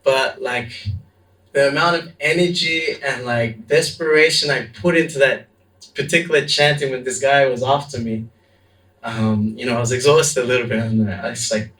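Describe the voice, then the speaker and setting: A young adult man, a monk, telling a story in a lively, laughing way with lots of fillers. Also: mid-range voice, far from the mic. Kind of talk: storytelling talk. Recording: echoey room, voice from off-mic.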